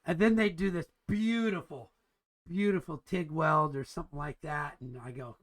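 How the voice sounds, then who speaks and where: A man's voice: on the high side, normal speed. Male instructor, casual lecture, upbeat, rambly, keeps restarting sentences. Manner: enthusiastic and chatty, keeps calling things cool. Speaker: engineering drafting instructor. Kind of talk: casual online class lecture.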